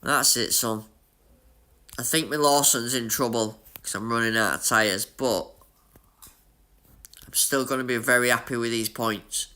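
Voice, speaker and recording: A man with a Yorkshire accent giving chatty, excitable live commentary on his racing game while talking to his chat. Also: medium pitch, unhurried, long pauses. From Leeds, Yorkshire, England. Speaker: gaming streamer.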